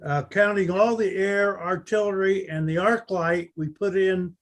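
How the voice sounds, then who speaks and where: Older guy, higher voice, talks slow, lots of uh's, telling old war stories. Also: steady tone. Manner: halting, full of uh fillers. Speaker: veteran recounting a battle. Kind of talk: unscripted recollection.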